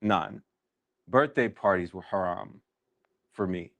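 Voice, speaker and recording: Leading a workshop session, a man with a deep, gravelly, slightly bright voice shares a candid personal story. He's reflective and halting, restarting often, and the recording is dry.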